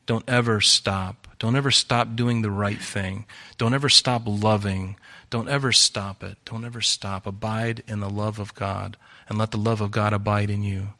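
Bright-voiced man preaching a fiery sermon. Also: on the low side, level tone, moderate pace. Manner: exhorting, repeats phrases for emphasis. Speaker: pastor.

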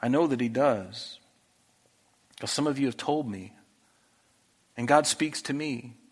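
A man's voice: medium pitch, unhurried, breathy edge, long reverb tail. A man preaching a conversational Bible-teaching sermon, briefly acting out characters in casual voices. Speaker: pastor.

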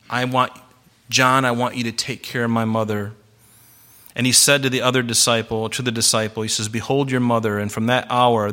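Male pastor, bright forceful tone, preaching with slow emphatic stresses. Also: mid-range voice. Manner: emphatic, varies loudness and slows for stress. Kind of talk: sermon.

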